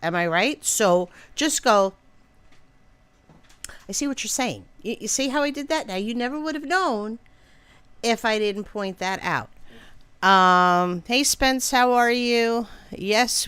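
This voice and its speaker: Rambling, chatty woman with a smooth voice. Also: fairly high pitch, a little slow, a bit bright, no room sound. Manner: rambling and chatty, many fillers, greets viewers by name. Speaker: livestream co-host. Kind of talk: casual livestream chat.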